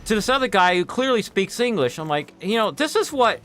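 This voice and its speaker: A man streaming a game while telling a long, rambling story in casual chat, with quick asides to his viewers. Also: sits high, sing-song, fairly bright tone. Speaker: gaming streamer. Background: faint game music.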